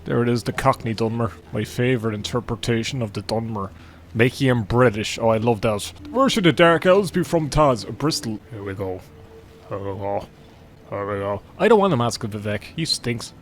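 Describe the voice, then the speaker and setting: A man's voice: mid-range voice, animated, brisk, slight background noise. A young man giving casual, jokey gameplay commentary and swearing freely. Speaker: gaming YouTuber. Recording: faint game music behind.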